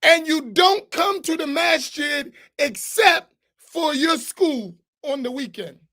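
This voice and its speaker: Blunt, high-voiced imam. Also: male voice, takes it slowly, sharp tone. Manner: blunt, emphatic, colloquial. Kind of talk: mosque class talk. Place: mosque.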